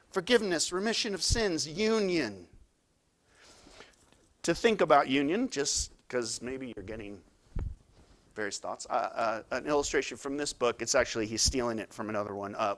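A middle-aged man preaching a sermon as pastor, in a conversational, animated way with asides and restarts. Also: medium pitch.

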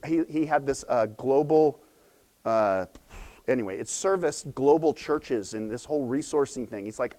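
A man's voice: mid-range voice, normal speed. A middle-aged man, a pastor, preaching a sermon in a conversational, storytelling way. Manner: conversational storytelling with animated quoted voices.

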